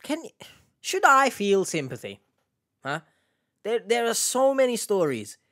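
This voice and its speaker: A man's voice: high-pitched, sing-song, measured pace, sharp tone. Exasperated man reacting sarcastically. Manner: mocking, exasperated, swings between mutters and outbursts. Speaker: reaction video host.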